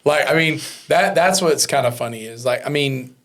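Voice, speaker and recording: A man's voice: medium pitch, moderate pace, a bit bright. A man who owns a business, telling stories in a casual conversational way, acting out quoted dialogue with lots of fillers and restarts. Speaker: business owner guest.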